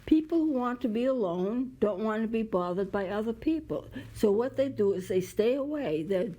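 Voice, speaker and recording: A woman's voice: a little high, expressive, moderate pace, hardly any pauses, warm tone, low-quality recording. A woman hosting a community TV talk show, explaining ideas with everyday examples and stopping now and then to cough. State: coughing at times. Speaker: show host.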